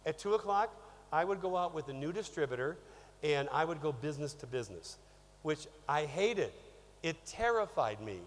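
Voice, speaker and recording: A man giving a motivational business talk to an audience, energetic and conversational, often asking "okay?". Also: fairly high pitch, normal speed. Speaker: business trainer speaking on stage. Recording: long reverb of a large hall, faint hum.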